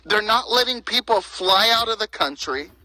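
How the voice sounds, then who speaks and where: A bright, tense voice preaches with fervent indignation and piles up rhetorical questions. The sound is dry and close, with no room around it. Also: medium pitch, animated, moderate pace, dry recording, low-quality recording. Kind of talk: impassioned preaching monologue.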